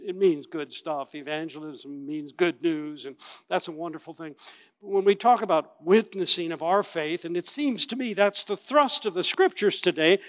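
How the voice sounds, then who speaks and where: A man preaching a sermon as a pastor, telling the story with lively acted-out voices and big swings from loud to quiet. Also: a little high. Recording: long reverb of a large hall.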